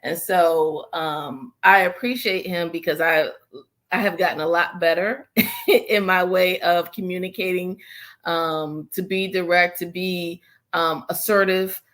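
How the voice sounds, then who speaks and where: Woman guest on a video call, lowish voice, candid, lots of ums. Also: fairly even intonation, unhurried, fairly bright tone. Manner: candid, reflective, with frequent fillers. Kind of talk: casual conversation.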